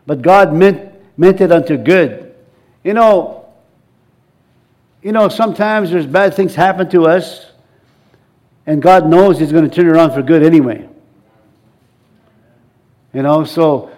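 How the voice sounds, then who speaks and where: A male pastor delivering a sermon in a church. His voice sits a bit high for a man, and he keeps coaxing the congregation to call back and join in. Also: a little mellow.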